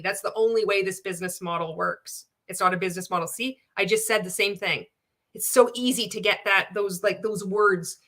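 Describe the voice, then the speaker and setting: Female livestream host, bright and forceful tone, candid, profane commentary. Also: medium pitch. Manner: blunt, swears freely, reads out chat comments; candid and animated, laughs often.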